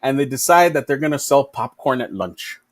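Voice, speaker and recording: A man's voice: medium pitch, animated, moderate pace. A man hosting a podcast in casual chat, rambling and swearing often. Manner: rambling, profane, laughs often. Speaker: podcast host.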